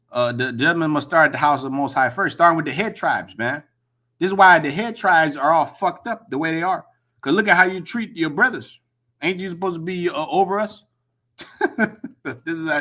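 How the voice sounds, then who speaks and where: A man's voice: fairly high pitch, pushed and bright. A man giving a profane, emphatic preaching commentary, repeating himself and reading scripture aloud. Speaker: religious commentator.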